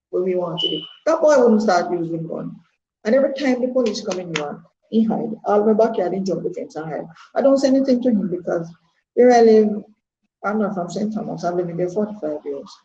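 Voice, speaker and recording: Older Jamaican woman, mellow and earnest. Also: mid-range voice, slight background noise. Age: 60s. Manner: earnest, rambling, repeats words for emphasis. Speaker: party member. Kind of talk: candid testimony. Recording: echoey room, dull lo-fi sound.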